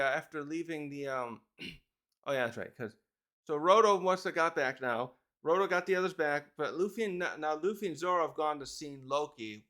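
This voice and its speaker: A man's voice: fairly high pitch, pushed and bright. A man giving a casual, rambling chapter review, thinking aloud and correcting himself as he goes. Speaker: manga reviewer.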